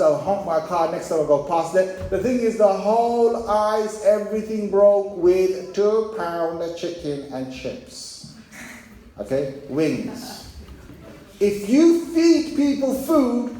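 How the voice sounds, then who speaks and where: A man's voice: sits high, normal speed, dark tone. A man preaching a sermon, telling a story and acting out the voices of the people in it, speaking straight to young men in the audience. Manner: storytelling, acts out quoted voices, addresses young men directly. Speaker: Islamic preacher. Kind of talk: sermon with anecdote. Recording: very echoey hall with faint noise.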